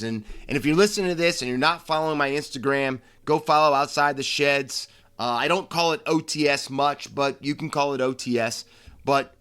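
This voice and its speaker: A man's voice: medium pitch, fairly bright tone, clean tone. An American man hosting a solo sports podcast, talking casually with brash flair and frequent restarts. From United States. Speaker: podcast host.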